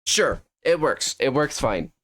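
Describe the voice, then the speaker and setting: A man's voice: medium pitch, big pitch swings, slow pace, fairly bright tone. A young man commentating a fighting game on a live stream, thinking aloud in a rambling, self-correcting way.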